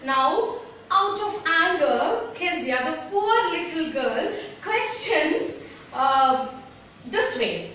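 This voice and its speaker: A woman teaches an online class at an unhurried pace, with a high, bright voice. She repeats key words patiently and tells students what to underline. She sits away from the mic in a very echoey room with a faint hiss behind her. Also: very animated, distant mic. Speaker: English teacher. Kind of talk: online class lesson explaining a story.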